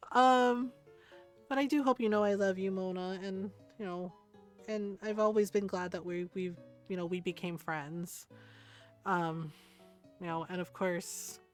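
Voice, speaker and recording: A middle-aged woman streamer chatting casually, rambling and laughing often as she talks. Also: on the low side. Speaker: game streamer. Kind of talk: casual livestream chat.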